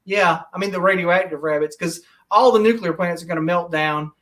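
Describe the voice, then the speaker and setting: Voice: mid-range voice, a little fast, a bit bright, recorded from a distance. A podcast host ranting in casual chat, heated and full of profanity.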